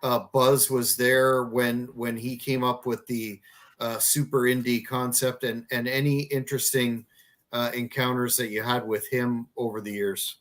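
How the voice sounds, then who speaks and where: A man hosts the interview at an ordinary, middle pitch. He thanks his guest politely, then asks long questions that wander with plenty of fillers. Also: flat delivery, measured pace, a bit bright. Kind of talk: casual interview.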